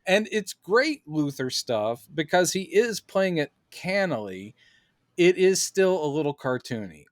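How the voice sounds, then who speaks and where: A man's voice: on the high side, no room sound, clean studio sound. A man co-hosting a podcast in casual chat, acting out quoted lines with animation. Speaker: podcast co-host.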